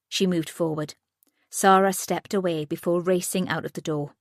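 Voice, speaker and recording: A woman reads an audiobook thriller in a steady, even manner. Her voice sits low, and the dry studio sound keeps her close to the mic. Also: moderate pace, dry recording. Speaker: audiobook narrator. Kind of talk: scripted narration.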